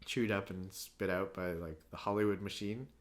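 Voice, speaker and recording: A man's voice: low voice, steady tone, normal speed. A young man, a guest on a podcast, chatting casually about making cartoons and telling long, rambling stories full of fillers and laughs. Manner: rambling storyteller, filler-heavy, laughs often. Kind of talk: casual chat.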